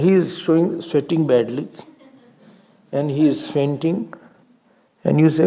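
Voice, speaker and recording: An older Indian man with a gravelly, husky voice gives a spiritual talk. His pitch swings widely as he tells stories and asks questions, and he often drops to a whisper. His tone is dark and mellow. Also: animated, a little slow, pauses often. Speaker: swami giving a spiritual talk. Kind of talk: spiritual discourse.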